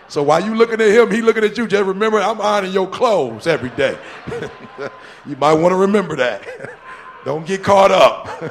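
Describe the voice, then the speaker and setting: A man with a gravelly, slightly high voice gives an informal church talk. He repeats his lines for emphasis and speaks straight to the men in the audience, with laughs between his points. His tone stays loose and conversational, as in a discussion with questions from the floor. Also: a bit bright. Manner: talks to men in the audience directly.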